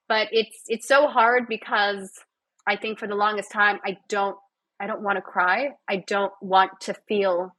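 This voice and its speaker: A woman's voice: medium pitch, pushed and bright, no room sound, poor audio. A woman guest on a podcast, chatting casually with a sarcastic, jokey manner and frequent laughs. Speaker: guest, physiotherapist and actor.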